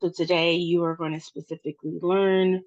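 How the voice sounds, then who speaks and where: A woman with an American accent teaching English pronunciation, patient and careful, spelling out example words slowly. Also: on the low side, flat delivery, a little mellow, dull audio. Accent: General American.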